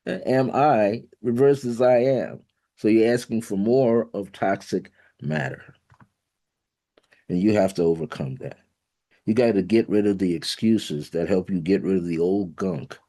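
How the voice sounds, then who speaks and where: Low-voiced man giving a spiritual talk. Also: warm tone. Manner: emphatic, slows down to stress key words and affirmations. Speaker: spiritual teacher. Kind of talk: motivational spiritual teaching talk.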